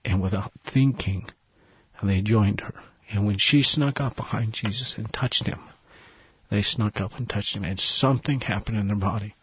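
A man with a lowish, husky voice tells an earnest personal story as a guest in an interview, sinking to hushed tones at the tender parts. The recording is dry and a little dull, like lo-fi audio. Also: normal speed, dry recording. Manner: earnest, drops to a hushed, breathy voice at tender moments. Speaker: missionary guest. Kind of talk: emotional storytelling testimony.

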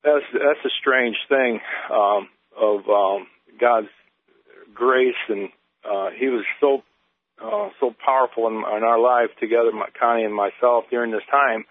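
An older man calling in, telling his story haltingly with many pauses and fillers. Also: medium pitch, no echo. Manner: halting, many uh and um, gets emotional. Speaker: caller. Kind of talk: phone-in testimony. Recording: tinny phone line.

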